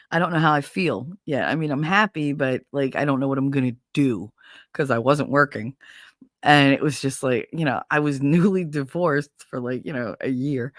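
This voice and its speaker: This middle-aged livestream host spins a casual story for her viewers, laughing, swearing and acting out what people said. Her voice sits low with a slightly bright tone, and the audio is dry and studio-clean.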